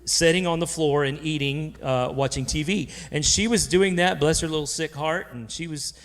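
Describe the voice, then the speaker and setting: A man's voice: fairly high pitch, normal speed. A man moderating a church panel, telling stories casually and joking, with many restarts. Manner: rambling, full of restarts and jokes. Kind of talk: casual storytelling on stage. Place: church sanctuary. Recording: long church hall reverb.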